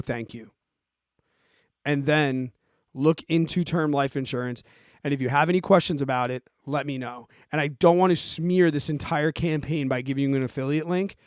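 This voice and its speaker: A forty-year-old man hosting a podcast, ranting in an animated, exasperated way and giving casual advice to listeners. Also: fairly high pitch, no echo, clean studio sound. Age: 40s. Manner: animated, exasperated, emphatic, swears. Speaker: podcast host answering listener questions.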